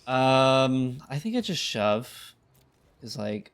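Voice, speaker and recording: A man's voice: mid-range voice, sing-song, slow, clean tone. A tired man giving casual, laid-back gameplay commentary, thinking aloud with a wry tone. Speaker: gaming content creator.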